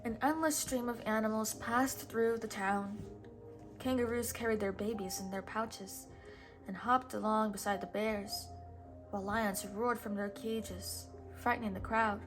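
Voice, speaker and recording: A woman reading a children's storybook aloud in a gentle, measured way. Her voice sits on the higher side, and soft music plays underneath. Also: steady tone. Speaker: storybook reader.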